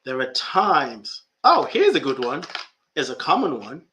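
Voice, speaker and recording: Lively bright-voiced male podcast host. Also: medium pitch, measured pace, a little hiss or hum. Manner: emphatic, talks to listeners directly. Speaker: podcast host and life coach. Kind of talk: reflective podcast monologue.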